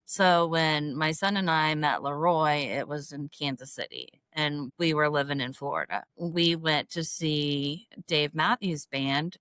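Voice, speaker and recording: Middle-aged woman guest on a podcast, lowish voice, gets emotional, acts out the lines of other people, dry close sound. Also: unhurried, hardly any pauses, smooth, dry recording. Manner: animated storyteller, acts out quoted dialogue in a higher voice; emotional, self-described crier. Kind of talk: casual storytelling interview.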